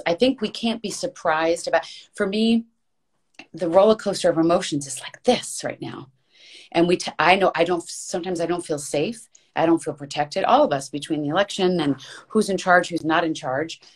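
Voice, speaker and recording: Woman podcast guest, low voice, earnest and emphatic, rambling with repeated words for stress. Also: darkish tone. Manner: rambling, restarts mid-thought. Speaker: podcast guest, voice actress and coach. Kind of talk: casual conversational interview.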